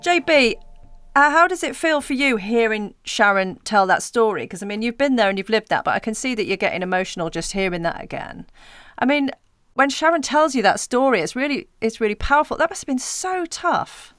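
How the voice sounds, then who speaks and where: A woman co-hosting a podcast in casual chat, reacting warmly and openly moved by her guest's story. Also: a little high, lively intonation, brisk, dry recording, clean studio sound. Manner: warm, readily moved, reactive. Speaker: podcast co-host.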